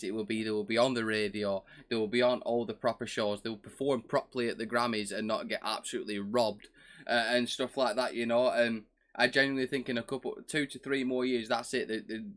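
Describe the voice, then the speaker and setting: A man's voice: mid-range voice, a bit bright. A man hosting a reaction video, talking casually in an enthusiastic, rambling way full of restarts and fillers.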